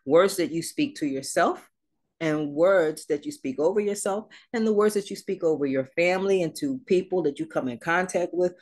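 A woman's voice: on the low side, normal speed, a little mellow. Lady pastor preaching real casual and chatty, slangy asides, then praying. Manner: conversational preaching with slang and asides, ending in prayer. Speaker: minister. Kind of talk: casual sermon.

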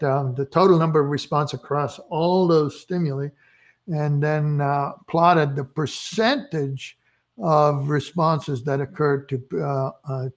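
A man giving a recorded lecture, talking with many fillers and restarts and an eager tone about the experiments he explains. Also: a little high. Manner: enthusiastic about experiments, chuckles.

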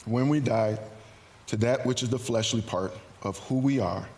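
A man preaching a sermon in a church, earnest and animated, acting out hesitant asides. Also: mid-range voice, normal speed. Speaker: pastor. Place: church sanctuary.

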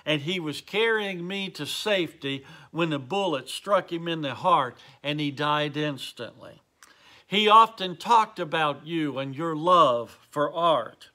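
A man voicing a humble, grateful young male soldier in a story, speaking softly. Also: fairly high pitch, expressive, measured pace.

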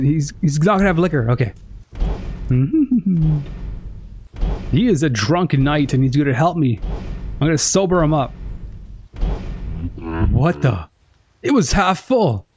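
A gaming streamer reacting excitably and with profanity while playing through a game. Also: mid-range voice, slight background noise. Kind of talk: let's play commentary.

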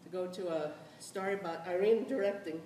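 A middle-aged woman from the South Bronx, telling stories on a panel in a blunt, animated way, swearing freely and laughing often. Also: lowish voice, fairly quick. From South Bronx, New York. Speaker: playwright on a discussion panel. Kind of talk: candid storytelling on a panel. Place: theatre or auditorium. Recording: echoey hall, distant mic, noisy.

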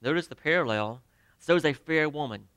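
A male pastor preaching with a bright, crisp and clean voice, recorded dry and close. He swings from quiet, drawn-out emphasis to loud, raised phrases and speaks straight to his congregation. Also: a little high, animated, no echo. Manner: emphatic preaching, pauses and drops to near quiet; addresses the congregation directly with questions. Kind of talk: sermon. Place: church sanctuary.

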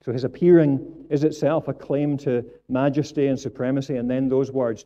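A man's voice: mid-range voice, fairly even intonation, moderate pace, hardly any pauses, lo-fi sound. Male pastor preaching earnestly. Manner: earnest preaching, repeats phrases for emphasis. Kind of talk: sermon. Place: church.

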